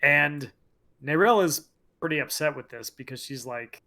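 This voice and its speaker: Podcast host, higher-pitched man, lively recap with quoted voices. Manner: animated storyteller who slips into quick quoted voices. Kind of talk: casual retelling of a game story.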